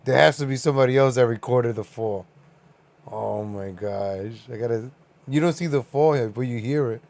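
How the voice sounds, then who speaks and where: A man's voice: medium pitch, normal speed, a little mellow, dry recording. A man hosting a livestream, giving casual reaction commentary. He laughs a lot and swears freely. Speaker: livestream host.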